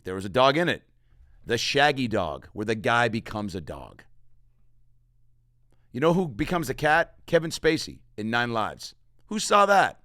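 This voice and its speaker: A man's voice: fairly low pitch, no room sound, studio quality. A man hosting a podcast, ranting comically with lots of swearing. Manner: profane, animated ranting. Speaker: podcast host. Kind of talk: comedic rant.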